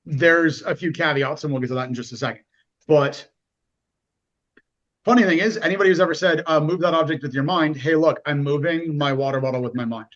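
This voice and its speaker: A man's voice: a little high, brisk, muffled recording. A man talking as a podcast guest in casual conversation, animatedly acting out the voices of people he describes. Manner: animated, acts out quoted voices.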